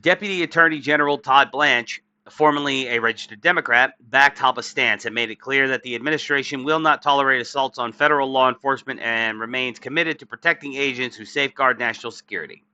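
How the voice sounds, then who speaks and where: A worn-out man delivers crude, sarcastic political commentary, reading news items aloud and tripping over the words with lots of uhs. His voice is very bright and sharp in tone. The recording is dry and a bit dull, like a cheap home mic. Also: medium pitch, quick pace, few pauses, no echo. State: tired, yawning. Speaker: political commentary channel host.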